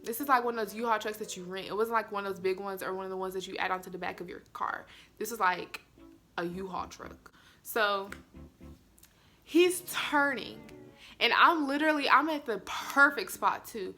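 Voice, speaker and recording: A young woman, telling viewers a story in an animated, chatty way. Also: medium pitch, normal speed, soft background music. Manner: animated, addresses viewers as y'all. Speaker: vlogger. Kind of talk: storytime vlog.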